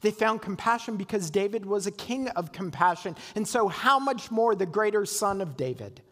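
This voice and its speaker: A man's voice: sits high, expressive, normal speed, a bit bright, in a large hall. A man preaching a sermon as pastor, earnest and asking the congregation rhetorical questions.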